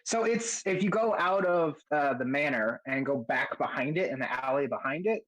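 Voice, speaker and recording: A man running a tabletop game, describing the scene in a halting way with frequent restarts. His voice sits a little higher than most men's. The delivery is loose and conversational. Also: expressive, fairly bright tone, rough recording. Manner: hesitant, many fillers and restarts. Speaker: game master.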